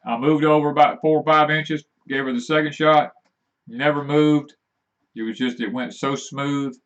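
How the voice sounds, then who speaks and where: A man's voice: fairly high pitch, steady tone, moderate pace, a bit bright. A middle-aged man, co-hosting a casual homestead live stream and telling farm stories in a folksy drawl. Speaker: homesteading channel co-host. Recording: dull lo-fi stream audio.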